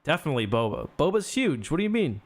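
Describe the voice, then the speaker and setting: A man's voice: on the high side, very animated, fast talker. Joking man co-hosting a casual podcast. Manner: joking, swears casually, does silly voices. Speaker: podcast co-host.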